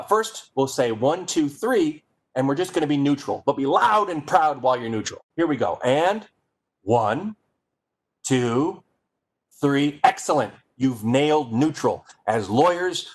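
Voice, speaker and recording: A man giving a playful, energetic comic presentation and speaking straight to his audience. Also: mid-range voice. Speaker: keynote speaker. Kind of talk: comedic presentation.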